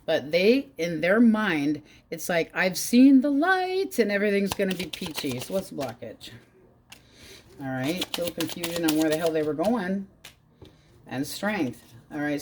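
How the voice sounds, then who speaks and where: A woman's voice: on the low side, animated, moderate pace, background noise. A woman doing a casual tarot reading, talking bluntly and swearing freely. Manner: blunt, swears freely, quotes in exaggerated voices. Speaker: tarot reader.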